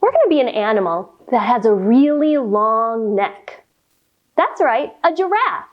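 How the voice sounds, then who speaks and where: A woman's voice: fairly high pitch, very animated, a little slow, lo-fi sound. A woman guiding children through a yoga lesson in a playful, sing-song way, with animal sounds and a nursery rhyme. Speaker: kids yoga teacher. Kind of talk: guided kids yoga lesson.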